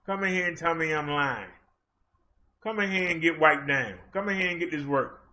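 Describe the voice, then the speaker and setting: A man hosting a stream, his voice fairly high and sharp at a normal speed, goes on a heated, combative rant aimed at his chat. The stream audio sounds dull and lo-fi.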